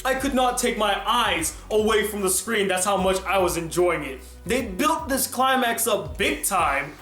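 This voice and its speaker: A man hosting a film review channel, talking in an animated, emphatic way. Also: high-pitched, a little slow. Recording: roomy echo with faint music.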